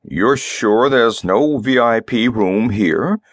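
A man's voice: medium pitch, slow, no echo. A man voicing a pompous, scheming middle-aged male ambassador in an audiobook, snapping and self-satisfied.

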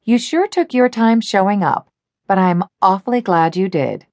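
A woman narrates an audiobook from a script, telling the story in an even, measured way. Her voice sits at a medium pitch, and the recording is dry and studio quality.

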